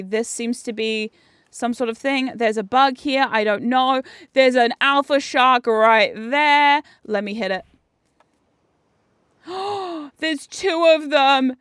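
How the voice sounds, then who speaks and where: A woman chats through a video game in casual commentary. Her slightly high voice is smooth and clear. It sits close and dry on the mic, and she often leaps into excited squeals and swearing. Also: dry recording. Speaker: VTuber streamer.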